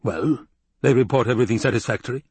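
A man's voice: medium pitch, fast, a little mellow, husky, no echo. A man voicing a cruel, imperious fat baron who snaps out demands and questions. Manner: snappish and demanding.

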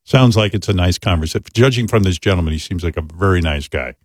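A man hosting a radio talk show, crude and joking with deadpan asides. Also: low-pitched, fast talker, dry recording, clean studio sound.

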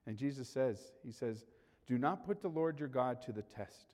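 A man preaching a sermon in a church, animated, swinging between loud calls and quiet asides, joking with the congregation. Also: mid-range voice, normal speed. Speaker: pastor. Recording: hall reverb.

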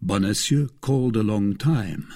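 A man narrating a classic novel in a measured storytelling manner. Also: fairly low pitch, darkish tone. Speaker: audiobook narrator. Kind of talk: scripted narration.

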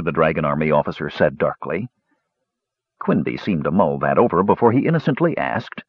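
A man narrating a fantasy story in the first person in an expressive, theatrical way. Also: a bass voice, brisk, breathy edge, no echo, highs cut off. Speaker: audiobook narrator.

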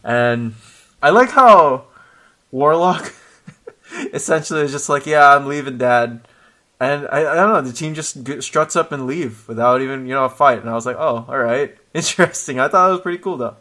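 A man co-hosting a casual chat about comics, animated and quick to laugh, often restarting his sentences. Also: a little high. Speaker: podcast co-host discussing comics.

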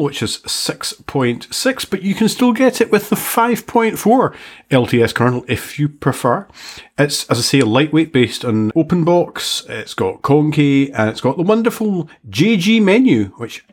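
A man's voice: medium pitch, husky. A man hosting a casual podcast chat, joking and teasing himself as he talks. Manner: joking, self-mocking. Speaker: podcast host.

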